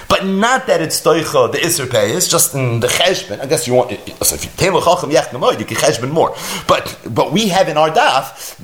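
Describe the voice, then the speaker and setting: Man giving a lively Talmud lecture. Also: on the high side. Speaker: Talmud teacher.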